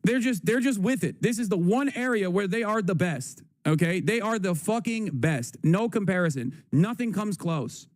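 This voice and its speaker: A man's voice: high voice, animated, moderate pace, few pauses, dry recording, studio quality. A man hosting a livestream, giving profane, combative and sarcastic political commentary. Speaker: livestream host.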